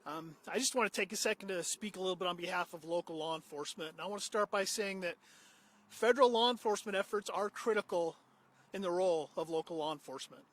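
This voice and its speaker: A man's voice: sits high, fast talker, fairly bright tone. A man serving as deputy police chief, giving an earnest, formal press conference statement.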